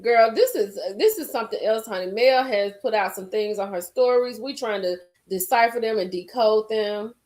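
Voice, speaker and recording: A woman with a fairly high voice hosts a casual live-stream chat. She talks straight to her viewers in an animated way and hammers her points home by repeating them. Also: normal speed, hardly any pauses. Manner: emphatic, repeats lines for effect.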